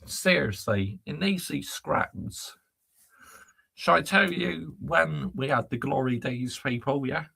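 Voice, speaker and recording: A man's voice: medium pitch, takes it slowly, creaky, pushed and bright, husky. A man hosting a football fan channel, ranting in anger and frustration and swearing as he talks. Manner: angry, exasperated, swearing.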